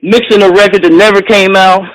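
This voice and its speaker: A woman from Philadelphia, a bass player and interview guest, telling a lively anecdote. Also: brisk, no room sound, poor audio. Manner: lively anecdote with voiced quotes. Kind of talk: animated storytelling.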